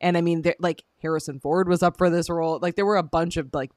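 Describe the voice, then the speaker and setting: Podcast co-host, loose and rambling, mid pitch, dead-dry close mic. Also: steady tone, fast talker, a little mellow, no room sound. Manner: rambling, lots of fillers and restarts, laughs often. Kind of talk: casual film review chat.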